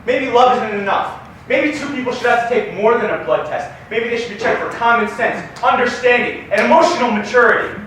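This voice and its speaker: A man's voice: very high-pitched, brisk, a bit bright. A young man playing a tired, exasperated young husband who is a lawyer, speaking in a dry, weary way with sighs. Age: young adult. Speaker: student actor. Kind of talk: stage acting in a class play. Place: classroom stage. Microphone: distant camera. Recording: echoey room from far off, faint noise.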